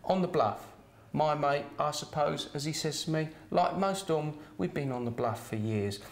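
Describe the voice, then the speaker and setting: A man's voice: a little high, moderate pace, a little hiss or hum. A middle-aged man from Kent, chatting as a former doorman who tells anecdotes and adds "right?" tags and chuckles. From Kent, England. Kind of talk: casual anecdote telling.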